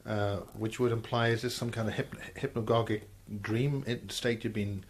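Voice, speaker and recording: A man's voice: lowish voice, steady tone, moderate pace. A man co-interviewing, posing a thoughtful, analytical question.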